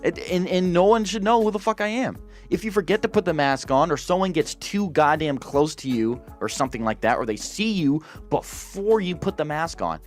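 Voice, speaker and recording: A man's voice: a little high, animated, moderate pace, soft background music. A man hosting a gaming channel, ranting casually and profanely, exasperated and full of restarts.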